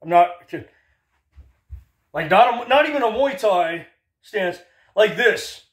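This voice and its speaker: Casting: man in his thirties with a high voice for a casual, profane rant, lively storyteller who does other people's voices. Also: a little slow. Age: 30s. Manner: animated storyteller, swears, acts out voices. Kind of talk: casual ranting commentary.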